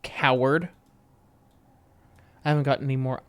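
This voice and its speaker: A man streams a game live, keeping up a dry running commentary and talking back to the game in casual chat. His medium-pitched voice is level, unhurried, clear and resonant, with a slightly bright tone.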